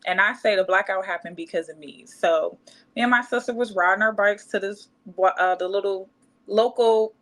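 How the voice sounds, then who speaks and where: A woman's voice: medium pitch, moderate pace. A woman in her thirties, a podcast guest telling her life story casually and acting out the voices of the people in it. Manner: animated, acts out quoted voices.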